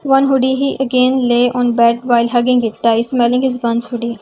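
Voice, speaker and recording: A woman reads a fan fiction story aloud in a fairly high, very flat voice, stumbling and restarting now and then. A faint noise sits under the recording. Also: rough recording. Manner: halting read-aloud with restarts and slips.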